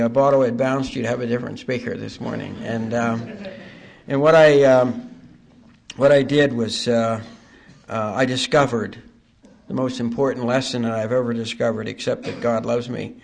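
An older man giving a personal recovery testimony at a meeting, halting with frequent fillers and wry self-deprecating humor. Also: mid-range voice, creaky.

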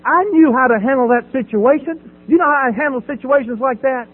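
A middle-aged man giving a personal testimony at a recovery meeting podium, dramatic, swinging from loud emphasis to hushed quiet. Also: very high voice, a little fast, husky, phone-quality sound. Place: at a podium before an audience. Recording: phone-thin audio with faint hum.

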